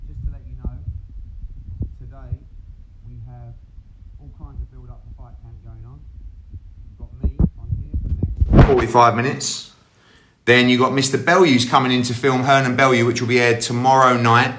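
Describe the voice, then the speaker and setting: A man's voice: mid-range voice, level tone, normal speed, long pauses, fairly bright tone, low-quality recording. A middle-aged man, a sports promoter, chatting casually and brashly with live-stream viewers into his phone while a little out of breath. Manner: brash and upbeat, swears casually. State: a bit out of breath. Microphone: phone held while walking.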